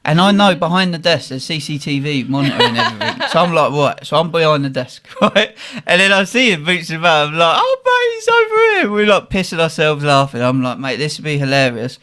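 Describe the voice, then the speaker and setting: A man's voice: a little high, a little fast, hardly any pauses, pushed and bright. A young man, a podcast host telling a story in a casual, slangy way and laughing often.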